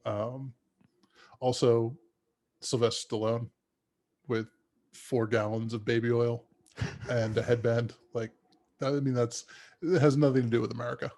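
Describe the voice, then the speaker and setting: A man's voice: medium pitch, steady tone, measured pace, long pauses, darkish tone. A man co-hosting a podcast, chatting casually about movies in a rambling way with frequent restarts. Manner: rambling, many restarts and fillers. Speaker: podcast co-host.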